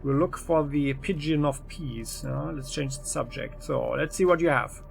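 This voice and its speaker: A man's voice: a little high, moderate pace, gravelly, a little hiss or hum. A man hosting a let's play, giving casual gameplay commentary with jokey, rambling asides. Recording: faint game music behind.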